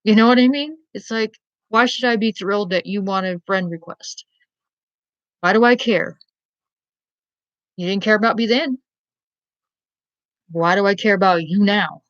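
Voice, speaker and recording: A woman vlogger rambles to her camera in a blunt, profane rant, often checking in with "you know what I mean?" Her voice sits at a middling pitch. The recording is dry, with a slightly muffled, lo-fi sound. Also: a little slow, long pauses, fairly bright tone, no echo.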